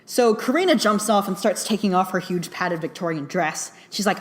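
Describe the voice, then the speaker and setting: Low-voiced chatty woman reviewing a film. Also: fairly quick, hardly any pauses. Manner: chatty, laughing often, heavy use of "like" and "um" fillers; lively retelling of scenes, swearing casually. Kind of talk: casual spoken film review.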